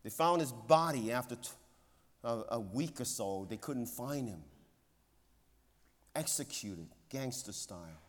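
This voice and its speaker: A male pastor preaching a sermon with earnest emphasis, dropping to hushed tones and rising again. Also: animated, measured pace, long pauses. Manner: earnest, swings between loud emphasis and hushed low tones. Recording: long hall reverb.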